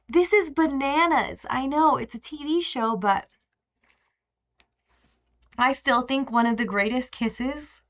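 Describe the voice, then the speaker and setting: A woman's voice: sits high, a bit bright. A young woman hosting a live stream, chatting casually and emotionally with many fillers and restarts.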